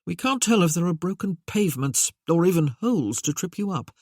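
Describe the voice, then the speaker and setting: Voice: medium pitch, sing-song, a little fast, a little mellow, no echo. An audiobook narrator voicing an authoritative nobleman with a dry, cutting tone. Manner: dry, commanding. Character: dry, authoritative aristocratic Duke.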